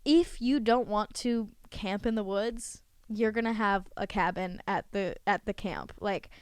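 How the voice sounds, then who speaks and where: Speaking a little slowly in a smooth, medium-pitched voice, this teenage podcast guest keeps the chat casual. Her long, rambling explanations are full of fillers, and she often runs out of breath. The recording has no room sound.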